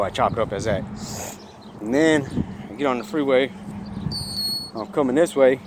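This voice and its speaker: Man, vlogger retelling confrontations, rough and profane, mid pitch, noisy outdoor audio. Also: unhurried, pauses often. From Long Beach, California. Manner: profane, agitated retelling with acted-out quotes. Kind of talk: casual storytelling.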